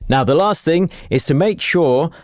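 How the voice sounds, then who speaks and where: A man's voice: a little high, lively intonation, moderate pace. A man teaching melody writing in a step-by-step tutorial, in an upbeat, chatty, explanatory way. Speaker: music production tutor. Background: faint piano and synth music.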